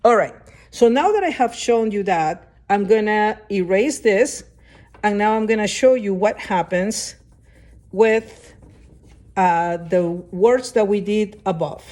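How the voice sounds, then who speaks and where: A woman's voice: mid-range voice, takes it slowly, darkish tone. A woman teaching a lesson at a whiteboard, explaining step by step and often checking that the class understands. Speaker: Spanish teacher.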